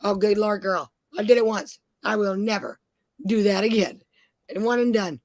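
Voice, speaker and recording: Middle-aged woman, profane rambling storyteller, average pitch, dry close sound. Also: steady tone, normal speed, a little mellow, no echo. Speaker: parent telling travel stories. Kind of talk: casual chat.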